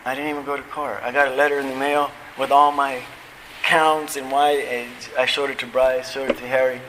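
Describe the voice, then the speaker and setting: Bright-voiced man sharing his recovery story. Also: mid-range voice, little pitch movement, brisk, slight background noise, rough recording. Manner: storytelling, acting out quoted dialogue; casual, chuckles at his own stories. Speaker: recovery convention speaker. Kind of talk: personal recovery testimony.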